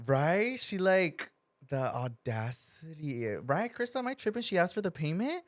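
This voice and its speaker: A woman's voice: on the low side, sing-song, normal speed. Incredulous, laughing woman podcast co-host. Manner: incredulous, laughing, mixes Spanish. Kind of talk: casual podcast chat.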